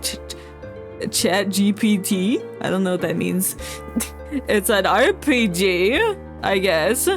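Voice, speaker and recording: A woman streaming a video game, chatting casually, laughing often and reading the game text aloud. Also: mid-range voice. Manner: giggly, rambling, reads game text aloud. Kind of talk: casual chat while playing a game. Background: game music.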